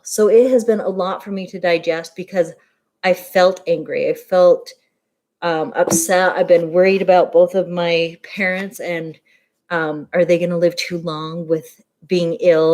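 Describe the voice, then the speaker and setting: A woman's voice: on the low side, darkish tone. A young adult woman talking candidly and emotionally in a personal vlog, rambling with fillers. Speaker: vlogger.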